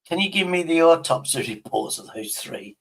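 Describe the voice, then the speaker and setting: A man's voice: a little high, lively intonation, a little slow, vocal fry, husky, low-quality recording. A man from Derbyshire with a Derbyshire accent, a tipsy stream host rambling and swearing in casual chat. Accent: Derbyshire English. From Derbyshire, England.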